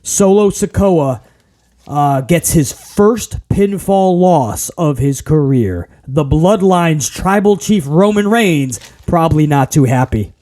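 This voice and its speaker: A man hosting a casual wrestling review, ranting in an animated, exasperated way. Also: fairly high pitch, slow pace. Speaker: podcast host.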